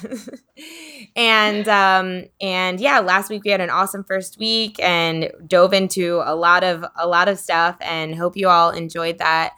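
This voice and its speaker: A woman hosting a podcast in an upbeat, casual way. Her voice is bright and clear, with a crisp, smooth tone. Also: fairly low pitch, fairly even intonation. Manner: upbeat, reads a list quickly. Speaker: podcast host.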